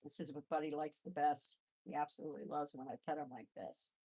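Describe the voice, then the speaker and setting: A woman's voice: low-pitched, level tone, brisk, creaky, warm tone, slightly rough. A woman hosting a casual live chat, handling her pets and cooing to them in baby talk between replies to viewers. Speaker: live-stream host and rabbit foster carer.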